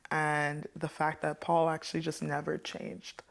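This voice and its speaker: Gravelly, lively woman telling stories. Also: low-pitched, measured pace. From Caribbean. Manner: animated, laughs often, playfully fierce. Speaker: guest. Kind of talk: casual storytelling interview.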